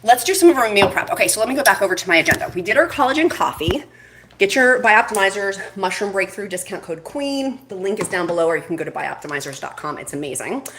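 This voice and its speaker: A woman's voice: medium pitch, lively intonation, fast talker. Bubbly woman live streaming from an echoey kitchen. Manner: chatty, bubbly, reads comments aloud. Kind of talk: casual live stream chat. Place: home kitchen. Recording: echoey room, faint noise.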